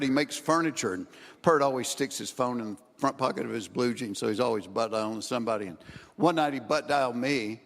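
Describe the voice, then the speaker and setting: A man doing stand-up, telling a long story and acting out the quoted lines, sometimes building to shouted punchlines. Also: mid-range voice, creaky. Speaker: stand-up comedian. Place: stage in front of a live audience. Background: audience laughter.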